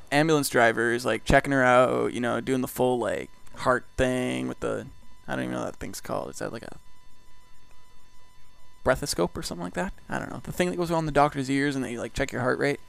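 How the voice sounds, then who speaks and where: A young vlogger host rambles through a profane casual anecdote, saying "like" constantly. His voice is medium-pitched, brisk and gravelly.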